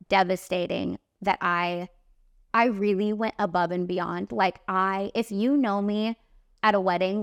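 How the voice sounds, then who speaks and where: Smooth-voiced young woman telling a story. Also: mid-range voice, no room sound. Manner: animated, emphatic storytelling with lots of "like" and "literally". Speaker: podcast host and makeup artist. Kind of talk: casual storytelling monologue.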